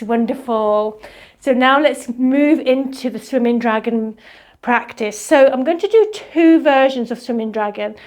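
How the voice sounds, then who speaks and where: A woman leading a qigong movement class, giving soft, slow guiding instructions. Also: sits high.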